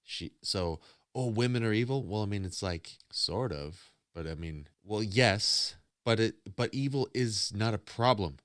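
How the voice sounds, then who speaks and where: Deep-voiced rambling stream host. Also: male voice, measured pace, hardly any pauses, fairly bright tone, no echo, studio quality. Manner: rambling, preachy, philosophizing about love and faith. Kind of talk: casual reaction stream talk.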